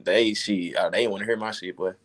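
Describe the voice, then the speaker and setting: A man's voice: fairly low pitch, steady tone, brisk. A man from Texas, a guest on a casual panel, telling stories in a laid-back way.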